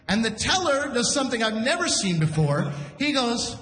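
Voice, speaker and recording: A man hosting a live comedy show, telling a story on stage in a chatty, animated way, acting out the people in it. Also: sits high, brisk. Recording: echoey hall from a distance.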